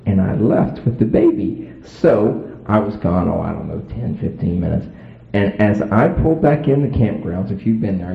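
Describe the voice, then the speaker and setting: A man telling a story to an audience in a folksy, animated way, acting out voices. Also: lowish voice. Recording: echoey tinny phone-like sound.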